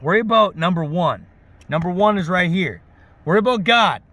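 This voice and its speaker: A man's voice: sits high, expressive, moderate pace, sharp tone, no echo. A man who works as an auto service technician, delivering a preachy, ranting monologue to camera and keeping the viewer hooked with "okay?" and "right?".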